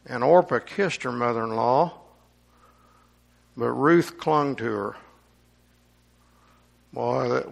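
A man's voice: medium pitch, takes it slowly, gravelly, long pauses. A man preaching a sermon, reading scripture aloud and commenting on it with rising emphasis.

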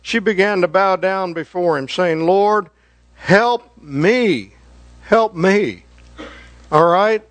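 A man delivers a sermon in a slow, deliberate, earnest way. His voice sits high for a man and climbs higher when he presses a point. The sound is dry and close, with no room around it. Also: fairly bright tone, dry recording. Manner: slow, earnest preaching that rises in pitch for emphasis. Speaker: preacher.

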